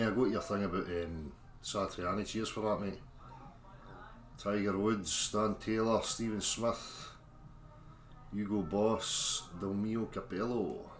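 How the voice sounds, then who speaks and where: A man's voice: on the low side, reverberant. A Scottish man hosting a casual livestream, chatting informally and reading out viewers' names as he greets them. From Scotland. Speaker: livestream host.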